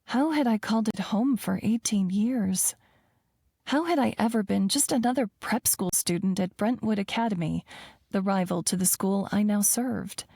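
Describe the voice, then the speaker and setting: A woman narrating a first-person romance audiobook in an even, measured storytelling voice, close to the mic. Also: medium pitch, gravelly, slightly rough, no room sound.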